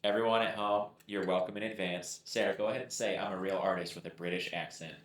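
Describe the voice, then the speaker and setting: A man's voice: low-pitched, fairly even intonation, fast talker, roomy sound. A man working the camera who teases and banters playfully with the teacher. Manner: teasing and playful. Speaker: camera operator.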